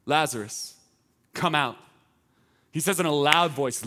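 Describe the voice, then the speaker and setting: A male teaching pastor preaching a sermon in a conversational, emphatic way that climbs to loud proclamations. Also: on the high side, unhurried.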